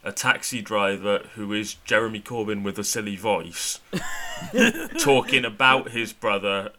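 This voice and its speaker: A man's voice: lowish voice, lively intonation, unhurried, a crowd in the background. A man co-hosting a podcast in casual chat, sardonic and often laughing. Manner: sardonic, laughs while talking. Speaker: podcast co-host.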